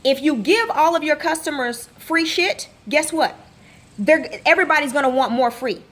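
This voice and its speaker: A woman's voice: high-pitched, expressive, moderate pace, a bit bright. A woman fitness coach giving a motivational vlog rant, hammering home rhetorical questions. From Texas. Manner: emphatic, repeats rhetorical questions.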